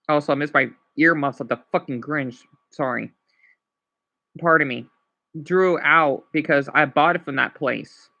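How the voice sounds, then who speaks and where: A man's voice: fairly high pitch, bright, forceful tone, muffled recording. A man from Arizona, chatting casually with livestream viewers in a rambling, emotional, apologetic way. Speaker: livestream host.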